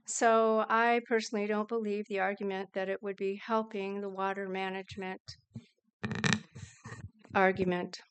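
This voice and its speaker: A woman giving a prepared public comment at a meeting, measured and earnest. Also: medium pitch, level tone, clean tone. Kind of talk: prepared statement at a council meeting.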